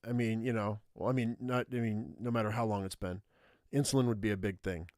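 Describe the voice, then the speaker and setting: A man's voice: lowish voice, fairly even intonation, a little fast, a little mellow, dry recording, clean studio sound. Man thinking aloud over game choices. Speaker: streamer. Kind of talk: reading an interactive story aloud with live commentary.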